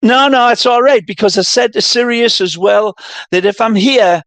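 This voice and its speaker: Older Geordie man, high bright voice, lively storyteller, dry studio sound. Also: moderate pace, dry recording. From Northeast England. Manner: animated storyteller, lots of restarts. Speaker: guest, retired soccer commentator. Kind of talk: casual chat.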